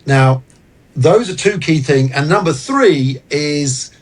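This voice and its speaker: Husky higher-pitched man explaining earnestly. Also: takes it slowly. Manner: earnest, explanatory, animated storytelling. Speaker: guest, business advisor. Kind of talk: casual interview talk.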